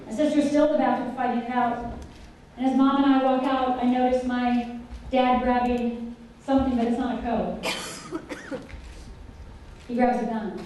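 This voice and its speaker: A middle-aged woman telling a personal story to a conference audience, animated and often asking the listeners questions. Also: fairly high pitch, moderate pace, pauses often, recorded from a distance, a little hiss or hum. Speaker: conference speaker. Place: large conference hall. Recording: echoey hall, voice picked up from afar.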